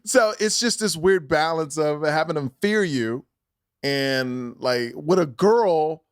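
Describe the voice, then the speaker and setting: A man, a guest comedian, chatting casually about parenting and doing a high whiny voice when he mimics his kid. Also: slow, clean tone, dry recording, studio quality. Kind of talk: casual chat.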